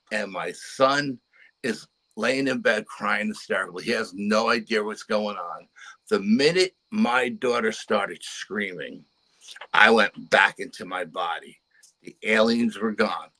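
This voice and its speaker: A man's voice: lowish voice, sharp tone, low-quality recording. An older man telling a personal paranormal story in an earnest, conversational way. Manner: earnest storytelling with repeated "you know". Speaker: paranormal investigator guest. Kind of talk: storytelling interview.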